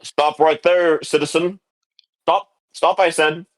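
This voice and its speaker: A man's voice: a little high, fairly even intonation, slow pace, voice pushed up. A man voicing a brusque human city guard who makes stern, officious demands. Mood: commanding.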